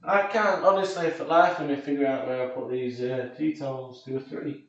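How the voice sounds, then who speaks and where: A man's voice: mid-range voice, moderate pace, a little hiss or hum. A man with a Yorkshire accent hosting a casual cooking livestream, rambling and talking to himself as he searches his kitchen. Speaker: livestream cook. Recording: very echoey, off-mic, dull sound.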